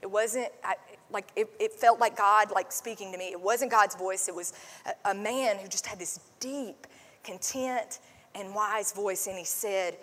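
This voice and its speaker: A woman pastor giving a sermon in a conversational, chatty way, full of fillers, sometimes dropping to a soft hush. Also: medium pitch, unhurried. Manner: conversational, many fillers like "like" and "um", drops to a soft hush when quoting. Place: church sanctuary. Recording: long hall reverb.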